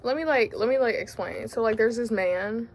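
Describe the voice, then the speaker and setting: A woman's voice: a little high, moderate pace, faint music behind. A woman in her late teens with a Southern US country accent, chatting casually in a rambling way, full of fillers and self-corrections, as a book vlogger. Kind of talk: casual chat.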